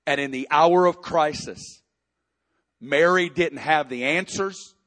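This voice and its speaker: A man preaching a sermon, reading scripture and building to impassioned, near-shouted prayer. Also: fairly high pitch, takes it slowly. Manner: impassioned preaching, rising to shouts in emotional passages. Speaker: pastor.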